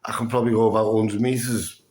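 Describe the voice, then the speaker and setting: Talking fast in a level tone, a man with a fairly low, darkish voice shares a story for a casual vlog in a reverberant room. He's winded and weary, drops frequent swear words, and acts out what others told him.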